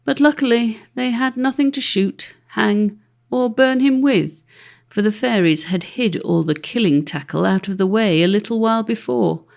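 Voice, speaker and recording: A woman narrating a classic fairy-tale audiobook with an expressive, lively reading. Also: on the high side, vocal fry. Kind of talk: storybook narration.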